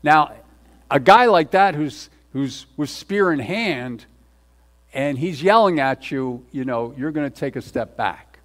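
A man with a fairly high voice delivers a sermon from the pulpit. He preaches emphatically, hammering repeated words and moving between loud, forceful stretches and quiet asides. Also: animated, measured pace. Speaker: pastor.

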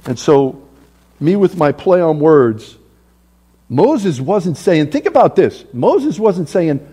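Male pastor mid-sermon in a church, husky and mellow, animated, acts out biblical figures. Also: fairly high pitch, slow. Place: church sanctuary.

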